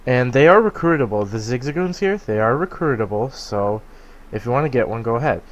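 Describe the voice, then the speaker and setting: A man giving relaxed let's play commentary on a game, talking slowly with filler pauses. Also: mid-range voice, dull audio. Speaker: gameplay commentator.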